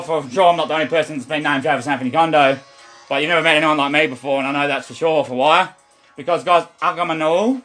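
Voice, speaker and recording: A man's voice: on the high side, a bit bright. A man streaming a rambling, repetitive religious monologue, preachy and full of profanity.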